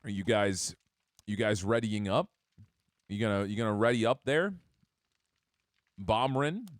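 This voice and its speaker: A man's voice: lowish voice, a little slow, dry recording, studio quality. A young man streaming a game live, chatting upbeat and casually with his viewers while he plays. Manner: upbeat, chatty, talks to chat. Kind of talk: live gameplay commentary.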